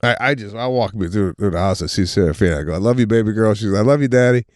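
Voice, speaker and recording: A man's voice: on the low side, fast talker, dry recording, studio quality. A middle-aged man co-hosting a podcast in casual chat, telling family stories and acting out the quotes. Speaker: podcast co-host.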